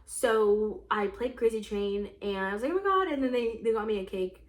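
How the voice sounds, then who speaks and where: A woman's voice: medium pitch, fairly even intonation, normal speed. A young woman chatting casually as a podcast host, telling personal stories in a gushing, emotional way full of "like". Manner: gushing, emotional, filler-heavy with lots of "like". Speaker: podcast host and escape room game master. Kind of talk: casual storytelling chat.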